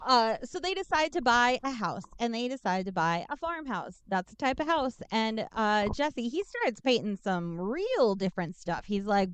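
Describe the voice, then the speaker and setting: A woman co-hosting a podcast, giving a casual, irreverent, profane recap of a film and tossing off quick character voices. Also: mid-range voice, lively intonation, clean tone, no room sound. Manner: irreverent, swears freely, acts out characters in quick asides. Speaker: podcast co-host summarizing a film. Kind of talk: casual comedic movie recap.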